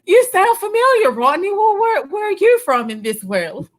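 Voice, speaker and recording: A woman's voice: extremely high pitch, very animated, normal speed. A woman playing a flamboyant, well-travelled stand-in host who hosts an online reading night with theatrical, teasing banter. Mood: playful. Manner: theatrical, teasing, with an accent that wanders between places. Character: flamboyant globe-trotting female substitute host. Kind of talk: playful live-stream hosting banter.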